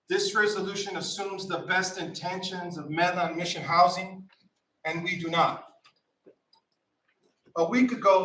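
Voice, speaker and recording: A man's voice: sits high, bright, forceful tone. A man from San Francisco giving a prepared public comment at a meeting, firm and formal as he urges the body to vote. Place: community center meeting hall. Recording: echoey hall, distant mic.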